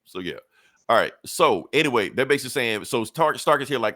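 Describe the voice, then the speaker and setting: A man's voice: mid-range voice, animated, brisk, bright, forceful tone, no room sound, studio quality. A man on a podcast casually retelling a comic book story, acting out the characters' lines with profane, laid-back slang. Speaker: podcast co-host.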